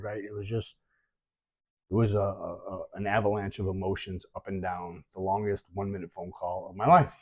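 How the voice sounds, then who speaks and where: Low man, halting retelling, many restarts, dry dull recording. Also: steady tone, no echo. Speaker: guest sharing a scam story. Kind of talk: emotional retelling.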